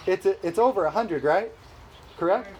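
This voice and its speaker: High-voiced animated male preacher. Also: moderate pace, slight background noise, poor audio. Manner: animated, exclamatory, laughs often. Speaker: pastor. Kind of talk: sermon. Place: church service.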